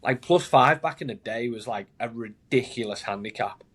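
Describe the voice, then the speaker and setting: A man's voice: medium pitch, normal speed, a bit bright, breathy edge. Chatty man telling rambling stories. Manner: laughing, rambling anecdotes full of "like". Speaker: caddie guest. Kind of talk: casual storytelling chat.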